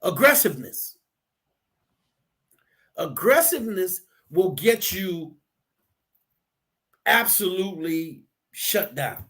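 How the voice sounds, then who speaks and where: A man in casual talk, animated, acting out the people he quotes as he tells stories. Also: high voice, slow, long pauses, breathy edge. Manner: animated storyteller, acts out quotes.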